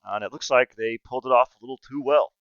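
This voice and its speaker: Smooth-voiced man running the game. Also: medium pitch, very fast, fairly bright tone, dry recording. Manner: matter-of-fact description, swearing. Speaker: game master. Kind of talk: narrating a tabletop game. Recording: dull lo-fi dry mic.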